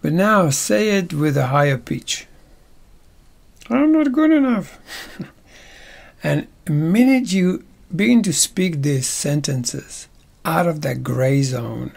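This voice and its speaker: A man's voice: fairly high pitch, takes it slowly, vocal fry, husky. A man teaching a workshop in a casual, playful way, often checking in with his listeners. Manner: playful, checks in with tag questions.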